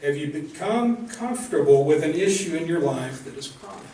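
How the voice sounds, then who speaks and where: Earnest preacher in an echoey church. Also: male voice, a little high, expressive, normal speed, mellow. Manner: earnest, direct, asks rhetorical questions. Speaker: minister. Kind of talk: sermon. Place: church sanctuary. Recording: echoey church room, mic at a distance.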